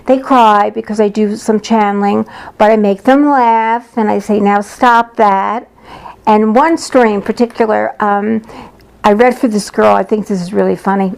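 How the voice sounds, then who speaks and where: Speaking at a normal pace with fairly even intonation, a woman working as a psychic medium tells stories about her job in a blunt, lighthearted way and imitates the voices of those she quotes. Her mid-range voice has vocal fry and a darkish tone in this casual monologue.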